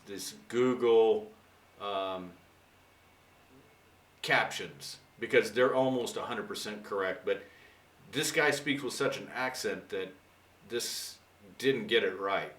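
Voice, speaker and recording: Low-voiced guy teaching idioms, sharp tone, sounds kinda far from the mic in an echoey room. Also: takes it slowly. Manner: rambling, chatty, many fillers. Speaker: English teacher. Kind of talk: casual video lesson.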